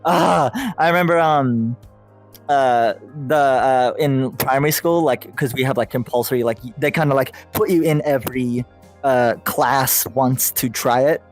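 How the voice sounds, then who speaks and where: A man's voice: mid-range voice, measured pace, faint music behind. A man hosting a podcast, chatting casually, full of laughter and filler words as he tells stories. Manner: laughing storyteller, heavy use of "like" and swearing. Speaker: podcast host. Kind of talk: casual chat.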